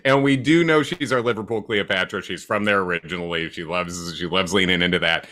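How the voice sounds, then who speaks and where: A man co-hosting a livestream, chatting about a TV finale in a playful, excitable way. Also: low-pitched. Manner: excitable, playful, quick to joke. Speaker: podcast co-host. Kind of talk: casual recap chat on a livestream.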